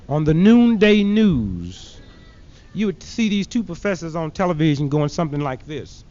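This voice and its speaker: High-voiced man doing mocking stand-up. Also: big pitch swings, moderate pace, dark tone, a little hiss or hum. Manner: punchy, mocking delivery that acts out characters. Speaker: comedian. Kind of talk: stand-up comedy routine. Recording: dull lo-fi 1970s archive recording.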